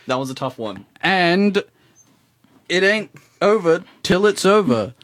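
A man's voice: sits high, sing-song, fairly bright tone. A young man co-hosting a community radio show, joking around and reading out song titles. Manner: jokey, drawn-out and slow. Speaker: radio co-host.

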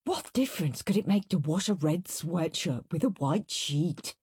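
A woman reading a children's story aloud, lively and animated. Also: lowish voice, normal speed, husky, no echo. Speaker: narrator.

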